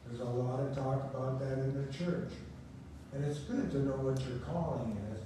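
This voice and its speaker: A man's voice: medium pitch, fairly even intonation, normal speed. An older man preaching a sermon, telling personal stories in a conversational way and laughing at them. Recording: echoey room, distant mic, faint hum.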